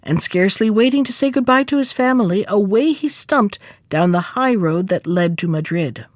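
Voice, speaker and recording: Lively woman reading a fairy tale aloud. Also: mid-range voice, normal speed, no room sound, clean studio sound. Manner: expressive, storybook. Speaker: storyteller. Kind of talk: scripted fairy-tale narration.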